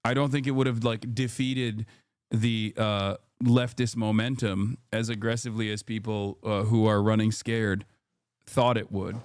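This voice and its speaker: A man's voice: on the low side, level tone, measured pace, smooth, dry recording, clean studio sound. A man streaming, commenting on news clips in a casual, sarcastic way.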